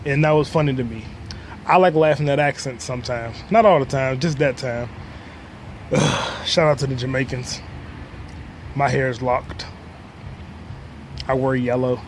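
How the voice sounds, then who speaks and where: A young man hosting a podcast outdoors on a city street, rambling in a deadpan, joking way, swearing freely and coughing with a cold. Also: medium pitch, measured pace, pauses often. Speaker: podcast host. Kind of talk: casual solo monologue. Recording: street noise clearly audible. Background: passing cars and street noise.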